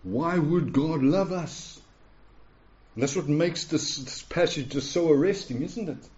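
A man's voice: on the high side, a little slow, a little mellow, muffled recording. A man in his forties preaching a sermon to a congregation, emphatic, repeating phrases and checking in with "yeah?". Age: 40s. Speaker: pastor. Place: church hall with a live congregation.

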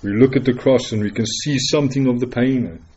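A man preaching a dramatic, earnest sermon full of rhetorical questions, swinging between loud declarations and hushed words. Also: mid-range voice, a little fast, breathy edge, highs cut off.

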